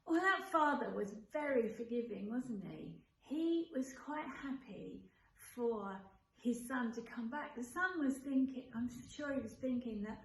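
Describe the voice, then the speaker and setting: A woman leading a children's church session, explaining the meaning of a Bible story in a gentle, earnest way. Her voice sits slightly high. The room echoes, with a faint hum of noise behind her. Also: expressive, measured pace, vocal fry.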